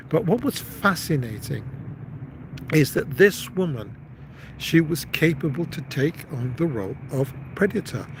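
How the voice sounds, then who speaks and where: A man's voice: fairly high pitch, a little hiss or hum, rough recording. A man hosting a live stream, telling a story in a casual, rambling way. He often stops and repeats words as he goes.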